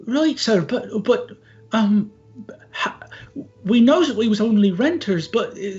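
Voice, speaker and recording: A man's voice: high-pitched, darkish tone, highs cut off. A man doing a stammering bird-folk father. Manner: stammering, rustic working-class speech. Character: nervous male bird-folk father, humble tenant.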